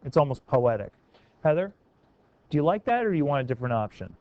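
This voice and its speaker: In lo-fi sound, a slightly high, sing-song male voice moves at a quick pace. He leads a class, questioning students by name and gently urging them to try revising sentences.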